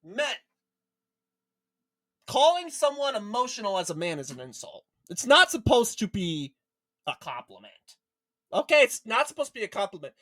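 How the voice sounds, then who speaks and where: Animated, indignant male political ranter. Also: high voice, moderate pace, pauses often. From Minnesota. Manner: indignant, combative, rhetorical questions. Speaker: political commentator. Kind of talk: opinionated political rant.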